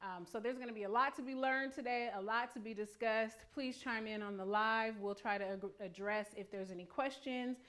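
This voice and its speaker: A woman's voice: fairly high pitch, a little fast, hardly any pauses. A woman hosting a live music talk stream, speaking casually with frequent fillers. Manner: relaxed, friendly, hesitant fillers. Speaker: host.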